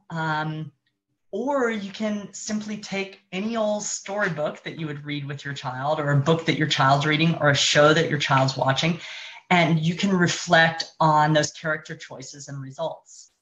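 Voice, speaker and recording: A woman with a notably low, deep voice gives parenting advice in a live stream. She talks in a loose, conversational way and often restarts her sentences while she thinks aloud. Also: a little slow. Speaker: parenting coach.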